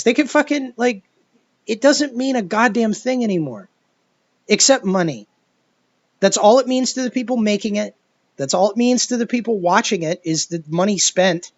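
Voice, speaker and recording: Casual: guy ranting into the mic, swears a ton, rambles, pretty high voice, dead dry room. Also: dry recording. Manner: profane, rambling, exasperated. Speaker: video commentator. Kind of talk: ranting commentary monologue. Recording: dull lo-fi dry recording.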